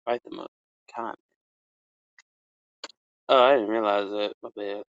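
A man hosting a casual podcast, telling a story with lots of swearing and sudden loud exclamations. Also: lowish voice, steady tone, unhurried, smooth, no echo, muffled recording. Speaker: podcast host.

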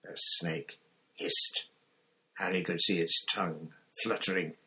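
A man reading an audiobook chapter with measured, expressive storytelling. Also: sits low, slightly rough. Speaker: audiobook narrator. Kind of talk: scripted narration.

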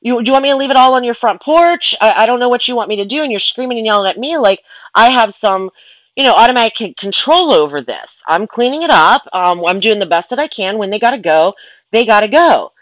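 A woman's voice: on the high side, lively intonation, fast, a bit bright, no room sound, dull audio. A woman who works as a pet sitter and dog walker, ranting in a casual vlog in an exasperated, rambling way with many restarts.

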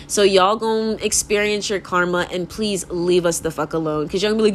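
A woman's voice: fairly low pitch, fairly even intonation, a little fast, slight background noise. A young woman hosting a podcast in a casual, rambling monologue, swearing freely, laughing often and filling her speech with "like.". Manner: fills speech with "like". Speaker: podcast host.

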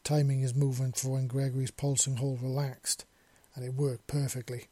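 A man narrating a romance story in a quiet, intimate reading. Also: mid-range voice, level tone, a little fast, husky, dry recording.

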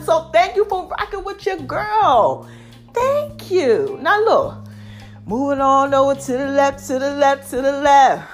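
Lively, chatty woman, slightly allergy-deepened voice. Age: middle-aged. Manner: animated, chatty, repeats catchphrases, laughs often. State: voice a bit deep from allergies. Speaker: online personality talking to followers. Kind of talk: casual motivational vlog chat.

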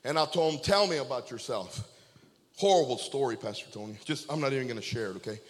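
A man's voice: medium pitch, rapid-fire. A man preaching a sermon as a pastor, telling a story and calling out amen and okay to his congregation. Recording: long reverb of a large hall.

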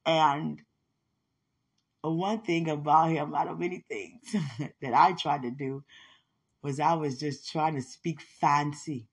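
A woman with a husky, slightly low voice hosts a spiritual podcast, speaking fervently to her listener. She laughs often and bursts into exclamations as she testifies. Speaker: podcast host.

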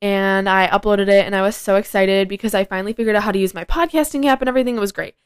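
Rapid-fire and smooth, this teenage girl hosts a solo podcast, rambling chattily with many "likes." Her medium-pitched voice keeps a fairly even intonation. The recording is dry and cleanly studio-made.

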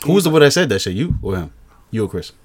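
A man's voice: lowish voice, very fast, husky. A young man from DC, co-hosting a podcast and telling stories in a casual chat, acting out what people said between laughs. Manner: animated storytelling, acts out quotes with laughter. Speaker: podcast co-host.

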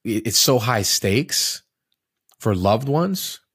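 A man's voice: mid-range voice, very animated, slow, fairly bright tone, breathy edge, dry recording, clean studio sound. A man in a casual conversation, talking in a reflective, candid way, restarting his sentences often as he searches for words and swearing casually now and then.

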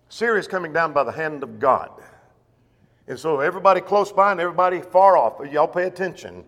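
A man's voice: on the high side, lively intonation, brisk, fairly bright tone. Man teaching a Bible class. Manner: explains scripture plainly, rephrases verses, asks rhetorical questions. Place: church classroom or auditorium. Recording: long reverb of a church hall.

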